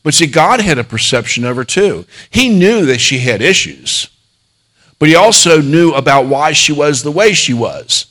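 A man's voice: a little high, lively intonation, normal speed, a bit bright. A middle-aged man, a pastor, preaching a sermon and telling a personal story in an earnest voice, with frequent restarts.

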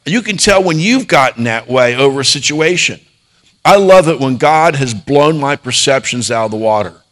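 Middle-aged male pastor, mid-pitched, earnest storytelling sermon, halting restarts. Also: pushed and bright.

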